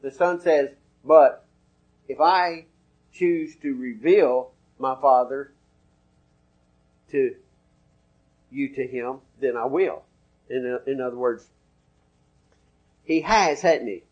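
A man's voice: mid-range voice, takes it slowly, pauses often, darkish tone, slightly rough, muffled recording. A man preaching a sermon in a folksy, conversational way, working through scripture references.

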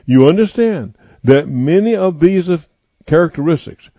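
A male preacher delivering a sermon, repeating his points slowly and with emphasis. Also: on the high side, lively intonation, mellow, no room sound, lo-fi sound. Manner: slow emphatic repetition, declaring.

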